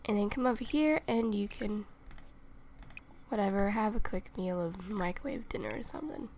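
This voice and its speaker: A woman's voice: medium pitch, normal speed, a little hiss or hum. A young woman playing a life-simulation game, chatting to her characters with a stuffy, sniffly nose while recording at her computer. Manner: chatty, talks to her game characters, swings into loud exasperation. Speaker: gaming channel host. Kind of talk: casual let's-play commentary. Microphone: desktop USB microphone.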